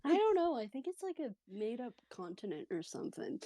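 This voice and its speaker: A woman's voice: on the high side, big pitch swings, a little fast, warm tone, no room sound. A woman playing a tabletop game, wryly narrating her character's actions and musing aloud. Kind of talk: casual actual-play narration and banter.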